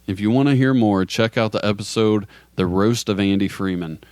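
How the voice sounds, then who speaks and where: A man with a low voice hosts a podcast and introduces a clip in a relaxed, chuckling way. His voice sounds close and dry. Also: normal speed, no room sound. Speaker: podcast host. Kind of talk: casual podcast hosting.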